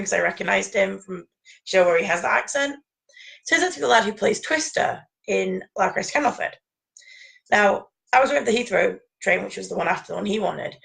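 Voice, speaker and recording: A woman's voice: medium pitch, gravelly, fairly bright tone, low-quality recording. A woman telling rambling anecdotes in casual chat, laughing often.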